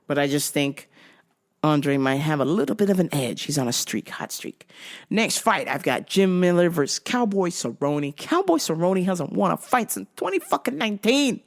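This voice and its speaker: A woman's voice: on the low side, very animated, normal speed. A woman hosting a vlog, giving casual, profane, giggly commentary full of slang. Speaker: vlog host.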